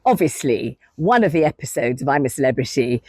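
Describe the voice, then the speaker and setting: A woman's voice: very deep voice, sing-song, a little fast, warm tone, no room sound. A woman in her sixties giving chatty, gushing commentary on reality TV, repeating words for drama.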